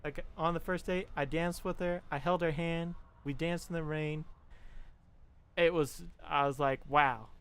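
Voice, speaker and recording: A man's voice: fairly high pitch, fairly even intonation, a little slow, smooth. A young man streaming and talking to his viewers, giving frank, profane relationship advice and mimicking the people he quotes. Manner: frank, swearing, pep-talk style. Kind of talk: casual chat to stream viewers.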